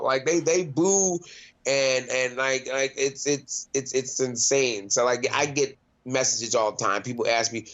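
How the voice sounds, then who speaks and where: A man's voice: mid-range voice, measured pace, a bit bright. Man, casual fighter interview, swearing, laughing, restarting sentences, slightly dull remote audio. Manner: loose, profane, laughing, many restarts. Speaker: MMA fighter, interview guest.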